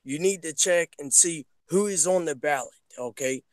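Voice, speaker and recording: A man speaking as a guest in a political chat, his voice slightly high. The sound is dry and close, and he urges his listeners earnestly, often starting his sentences over. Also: moderate pace, no echo. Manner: earnest, urging, restarts often.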